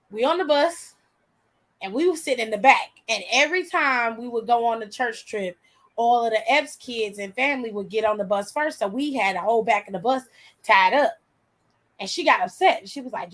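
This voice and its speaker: Woman, forties, casual storytelling host, cussing freely, animated, slightly high voice. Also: moderate pace, low-quality recording. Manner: animated, profane, laughs often.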